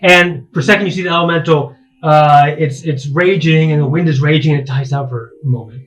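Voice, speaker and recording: A man's voice: on the high side, brisk, rough recording. A man narrating a tabletop game as game master, rambling through the scene with many fillers and restarts.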